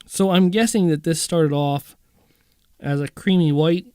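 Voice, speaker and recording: A man's voice: fairly high pitch, measured pace, a little mellow, clear, resonant tone, dry recording, studio quality. A man hosting a casual guitar video, chatting and rambling to himself as he browses guitar listings. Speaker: guitar channel host.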